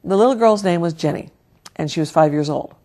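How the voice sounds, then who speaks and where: Earnest, fairly low-voiced woman telling a sermon story. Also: a little fast. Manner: earnest, storytelling, softens at the close. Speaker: Christian speaker.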